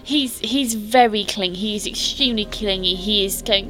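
A woman's voice: mid-range voice, moderate pace, hardly any pauses, over music. A woman, running a tabletop game as game master and describing scenes in detail. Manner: descriptive, restarts and fillers while narrating.

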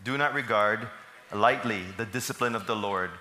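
A man's voice: fairly low pitch, moderate pace, sharp tone, a little hiss or hum. A man, preaching a sermon and putting questions to the congregation that he answers himself. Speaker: pastor. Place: church service hall. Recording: echoey hall.

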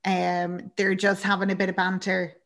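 A woman's voice: medium pitch, moderate pace. A young woman chatting casually as a podcast co-host, telling a film's story with lots of laughs and acted-out lines. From Ireland. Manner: chatty and animated, laughing often, acting out characters' lines. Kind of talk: casual chat recapping a film.

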